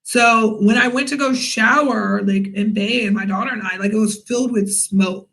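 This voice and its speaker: Bright, chatty young woman telling a story. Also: medium pitch, moderate pace, low-quality recording. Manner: chatty and animated, many fillers and asides to viewers. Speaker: vlogger, English teacher in Korea. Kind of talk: casual storytime.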